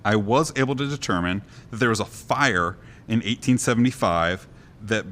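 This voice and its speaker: A man's voice: on the low side, normal speed, a little hiss or hum. A man co-hosting a podcast live at a convention, telling a folk legend with jokes, laughs and acted-out voices. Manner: lively, jokey, laughs often, acts out voices. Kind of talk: animated live podcast storytelling. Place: convention panel before a live audience.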